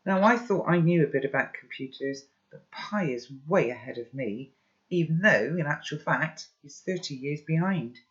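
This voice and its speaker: A man's voice: a little high, animated, moderate pace, fairly bright tone, dull audio. A man reading a children's novel aloud, with chatty asides to his listeners. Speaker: storybook reader.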